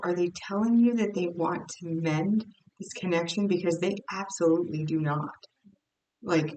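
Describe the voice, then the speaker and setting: A woman's voice: fairly low pitch, unhurried, dark tone, distant mic. A young woman giving a casual tarot reading, thinking aloud in a rambling, self-interrupting way. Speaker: tarot reader. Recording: roomy, off-mic with faint noise.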